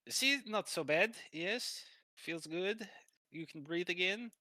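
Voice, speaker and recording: A man voicing a fussy, flattering male masseur who speaks in broken English with a thick Eastern European accent. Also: high-pitched, takes it slowly, no room sound, voice pushed up, heavily acted. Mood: coaxing. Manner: broken English, overly polite.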